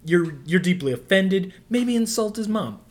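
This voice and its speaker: A game master describes scenes for a tabletop game, often stopping and restarting mid-sentence. The voice sits in a middle pitch. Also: lively intonation, darkish tone. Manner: halting, many fillers and restarts.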